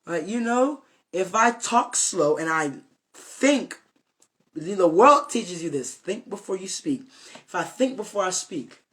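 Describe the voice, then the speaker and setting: A young man with a high, light voice talks through a devotional lesson in an earnest, unscripted way. He rambles, circles back, and fills gaps with fillers and restarts. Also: expressive, slow, fairly bright tone. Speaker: self-made preacher. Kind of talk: informal spoken devotional talk.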